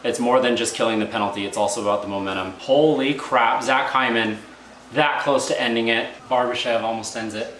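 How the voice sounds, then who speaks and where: A man reviewing and reacting live to a hockey game, excitable and exasperated, rambling with restarts. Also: fairly low pitch, moderate pace. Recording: echoey room, faint background noise.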